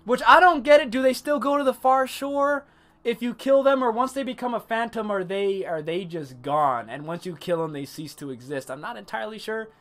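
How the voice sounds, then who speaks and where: A man casually reviewing an anime episode on a livestream, animated and profane, stopping to greet and answer chat. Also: high voice, normal speed.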